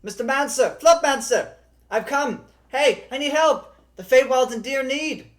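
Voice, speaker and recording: A man voicing a tall armored female elf messenger who shouts urgently for help. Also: sits low, animated, normal speed, voice pushed up. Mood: shouting urgently.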